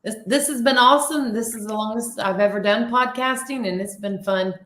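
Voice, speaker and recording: A woman, a podcast guest, chatting in a friendly, thankful, slightly halting way. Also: a little high, fairly bright tone. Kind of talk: casual chat. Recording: echoey room.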